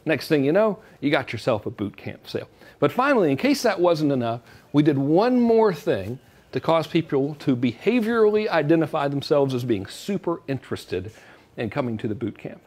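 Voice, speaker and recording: A man's voice: fairly high pitch, very animated, normal speed, a little mellow, breathy edge. A man giving a joking, salesy marketing talk straight to camera. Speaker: online marketing presenter.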